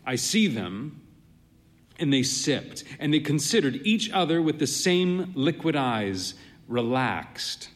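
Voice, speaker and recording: A man's voice: a little high, expressive, slow. A man narrating a story as a weary, wry pub keeper. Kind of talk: storytelling reading. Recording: long hall reverb.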